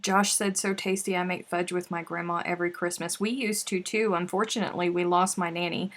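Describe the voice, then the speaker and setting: Woman, lowish pitch, chatty livestream host, reads viewer comments aloud. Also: little pitch movement, fairly quick. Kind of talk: casual chat while crafting.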